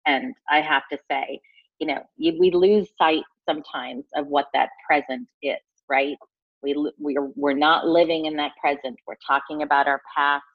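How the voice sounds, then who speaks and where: Low voiced woman in her 40s, halting and heartfelt, keeps restarting, dry and kinda muffled sound. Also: steady tone, no echo. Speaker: guest. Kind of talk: personal storytelling interview.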